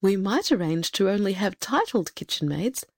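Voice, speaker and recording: A woman reading a fairy tale aloud and voicing a young queen who frets in a high, breathless voice. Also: sing-song, moderate pace, darkish tone, dry recording, studio quality. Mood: timid. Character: anxious fretful young queen mother.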